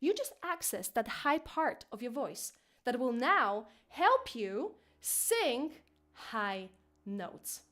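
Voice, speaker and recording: A woman teaching an online singing lesson, encouraging and playful, now and then jumping into a high head voice. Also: very animated, slow, a bit bright.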